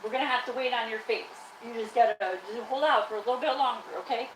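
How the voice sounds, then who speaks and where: A woman's voice: a little high, fast talker, background noise. A woman chatting casually on a live stream from her workshop, teasing and scolding her trash can like a buddy. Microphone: live-stream camera mic.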